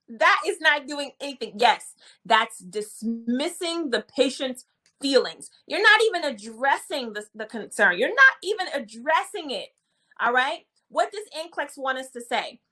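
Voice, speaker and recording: Chatting away with her viewers, a high-voiced woman hosts a live-stream review for nursing exams. Her manner is playful and energetic, and she keeps repeating phrases.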